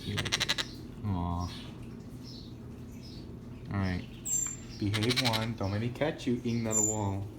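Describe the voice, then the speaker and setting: A woman's voice: very deep voice, slow pace, pauses often. A woman caring for rescued birds, talking to them in a playfully scolding, affectionate way. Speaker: animal caretaker. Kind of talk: casual vlog, talking to animals. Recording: loud bird noise behind the voice. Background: loud bird calls and chirping.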